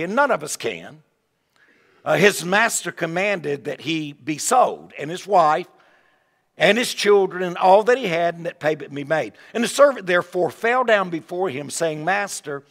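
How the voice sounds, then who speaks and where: A man preaching a revival sermon in a folksy, animated way, with asides and repeated words. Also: high voice. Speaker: evangelist preacher. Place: large church sanctuary. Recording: long hall reverb.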